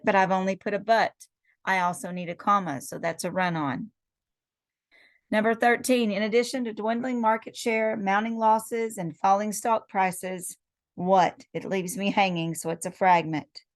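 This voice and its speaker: A woman's voice: mid-range voice, dry recording. A middle-aged woman teacher going through quiz answers one by one, explaining each step with rhetorical questions. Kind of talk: recorded lecture going over quiz answers.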